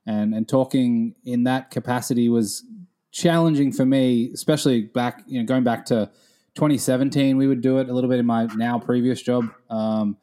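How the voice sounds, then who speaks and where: A man in his thirties answering interview questions as a guest, speaking in a measured, articulate way. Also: medium pitch, fairly even intonation, mellow. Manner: measured, articulate with some fillers. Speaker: guest, gaming attorney. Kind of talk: casual interview.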